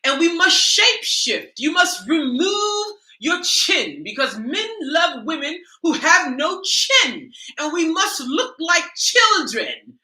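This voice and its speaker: A woman's voice: sits high, big pitch swings, takes it slowly, bright, forceful tone, reverberant, voice pushed up, exaggerated voice, rough recording. A woman voicing a prim, satirical female makeup tutorial host with a British accent, instructing in a grand, preachy manner. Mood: mock-solemn.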